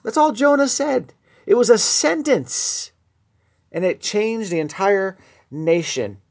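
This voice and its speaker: Earnest radio preacher, man, slightly high voice. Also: expressive, takes it slowly, darkish tone. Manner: earnest, rising to emphatic peaks. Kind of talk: sermon.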